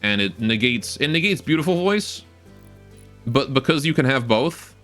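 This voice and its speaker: A man's voice: medium pitch, lively intonation, moderate pace, fairly bright tone, faint music behind. A young man casually commenting on his game live, rambling, joking and often laughing, on a close cheap stage mic. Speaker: game streamer.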